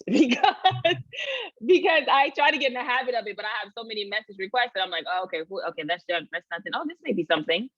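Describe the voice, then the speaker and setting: A woman telling stories in a relaxed interview, her pitch sitting low for a woman. She animates each anecdote, acting out quoted voices. The sound is dry and a little dull. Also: dry recording. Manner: animated storytelling, acts out quoted voices, laughs often. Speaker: actress, guest. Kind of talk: casual interview chat.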